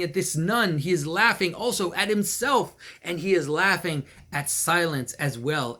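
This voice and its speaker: A man retelling an old legend in a casual, animated way, repeating phrases and chuckling now and then. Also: fairly high pitch. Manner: animated, repetitive, with small laughs and restarts. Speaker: storyteller and commentator.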